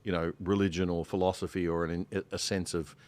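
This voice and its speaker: Male panel guest, low-leaning voice, passionate and earnest, dry sound. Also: little pitch movement, brisk, a little mellow, no echo. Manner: passionate, earnest, builds to indignation. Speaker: guest panelist, show host. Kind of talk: panel discussion.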